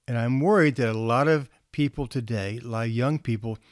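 A male counselor tells stories to an audience of parents, speaking in a relaxed, conversational style with small restarts. His mid-range voice moves fairly quickly, recorded cleanly in a studio with no room sound.

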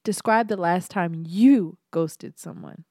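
A woman's voice: on the low side, slow, mellow, no room sound, clean studio sound. A young woman hosting a podcast in casual chat, telling stories animatedly with street slang and teasing her guest. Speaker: podcast host.

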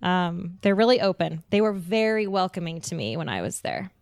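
A woman's voice: lowish voice, animated, moderate pace, creaky, darkish tone, no echo, clean studio sound. A woman chatting enthusiastically as a guest about travel and languages, laughing often. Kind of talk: casual travel chat.

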